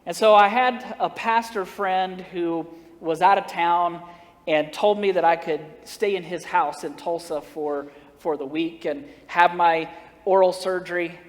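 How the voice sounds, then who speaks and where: A man's voice: high voice, fairly even intonation, a little slow. A man preaching a storytelling sermon, folksy and humorous, acting out the dialogue of his story. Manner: folksy, humorous, acts out dialogue, laughs at own jokes. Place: church sanctuary. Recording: long reverb of a church sanctuary.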